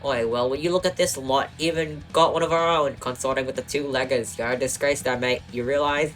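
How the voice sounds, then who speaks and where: A man voicing a cocky, sneering male dog troublemaker in an attempted Australian accent, taunting and rough. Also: medium pitch, steady tone, brisk, a bit bright, close to an everyday voice.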